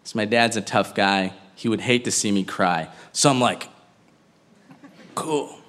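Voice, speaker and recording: A man's voice: on the low side, normal speed, a bit bright. A man doing stand-up, chatty and telling a family story while laughing through his own punchlines. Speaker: stand-up comedian.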